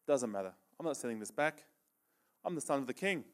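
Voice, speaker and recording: A man's voice: medium pitch, animated, fairly quick. Conversational male preacher. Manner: conversational, asks "okay?" often, laughs between points. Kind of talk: sermon with live demonstration.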